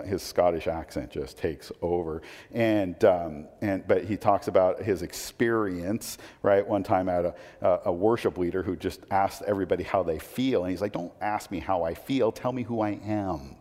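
A man's voice: deep voice, fairly even intonation, moderate pace, dark tone, in a large hall. A man preaching a sermon as a pastor, conversational with frequent rhetorical questions.

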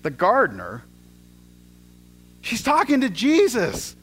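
A male pastor preaching a storytelling sermon, swinging from excited rises to hushed asides and often repeating words. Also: very high voice, slow, husky.

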